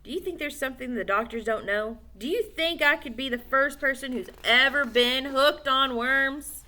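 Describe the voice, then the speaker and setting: A woman voicing an excited young boy who won a bet, shouting shrilly. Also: high voice, normal speed. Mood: puzzled.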